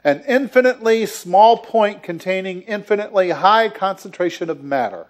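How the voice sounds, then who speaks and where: A man's voice: high-pitched, expressive, moderate pace. A man giving a sermon as the church's minister, playful and jokey, often chuckling as he talks to the congregation. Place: church sanctuary.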